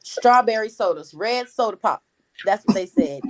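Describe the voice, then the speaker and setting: A woman in her thirties with a Gullah Geechee accent, a talkative community activist answering interview questions in a steady flow. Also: medium pitch, low-quality recording. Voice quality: talkative, words flow quickly.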